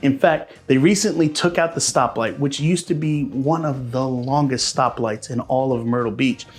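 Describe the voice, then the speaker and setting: A man's voice: medium pitch, moderate pace, faint music behind. A man from Pennsylvania, a realtor, giving friendly, chatty advice straight to camera in a casual vlog. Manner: friendly, chatty, addresses viewers as guys. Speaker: realtor and local vlogger.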